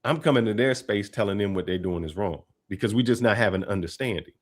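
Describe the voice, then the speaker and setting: A man's voice: fairly low pitch, fast. A man from Detroit giving casual, slangy commentary on a clip he is reacting to. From Detroit, Michigan. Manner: relaxed, chatty, slangy delivery with laughs.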